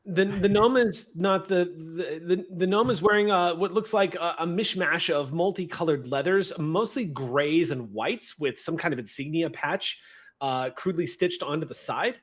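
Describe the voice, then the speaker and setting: A man's voice: a little high, moderate pace. A man running a tabletop game as game master, narrating scenes in a descriptive, playful way and laughing often.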